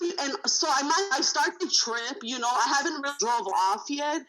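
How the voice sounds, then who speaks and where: A woman's voice: high voice, fairly quick, few pauses, low-quality recording. A woman rideshare driver in a casual roundtable, telling stories with swearing and acting out the dialogue. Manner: profane, animated, acts out dialogue.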